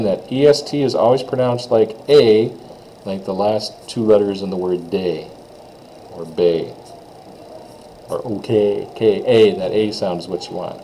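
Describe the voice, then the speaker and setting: A man with a lowish, mellow voice gives a casual French pronunciation lesson. He draws out each model phrase slowly, then rattles off quick asides, with a faint hiss of noise behind him. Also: rough recording. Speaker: French teacher.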